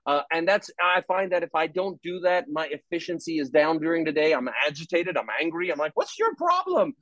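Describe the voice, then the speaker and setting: A man speaking as an interview guest about his faith, talking in an animated, rambling way with many restarts. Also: a little high, brisk, no echo, dull audio. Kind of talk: faith testimony in conversation.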